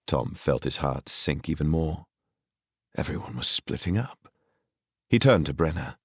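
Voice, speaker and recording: A man narrating a fantasy audiobook with expressive storytelling on a close studio mic. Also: extremely low pitch, unhurried, long pauses, husky, dry recording. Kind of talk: scripted narration.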